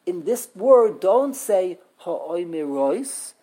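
A woman's voice: medium pitch, expressive, normal speed, a little mellow. A woman teaching an interactive scripture grammar class, emphatic, often restarting and repeating words. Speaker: religious studies teacher.

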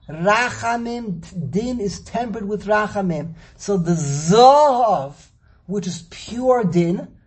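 A man teaching a Torah class, lecturing slowly and animatedly, teasing his students and repeating words as he thinks. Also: high voice, darkish tone, breathy edge. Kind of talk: classroom lecture on Hebrew grammar and verses.

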